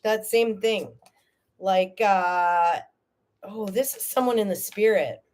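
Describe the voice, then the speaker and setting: A woman giving a live tarot reading, chatty and animated, often checking in with "okay?" and "all right?", and tearful at times. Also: mid-range voice, slow. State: tearful, emotional. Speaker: tarot reader.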